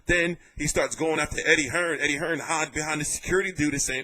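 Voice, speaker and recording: A man giving casual vlog commentary on boxing, telling it in an animated, jokey and profane way. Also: a little high, fast talker, few pauses.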